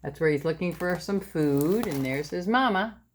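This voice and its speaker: A woman's voice: lowish voice, expressive, normal speed, a little hiss or hum. A woman reading a picture book aloud to children, voicing sound effects and asking them questions. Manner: sing-song, asks children questions, voices sound effects.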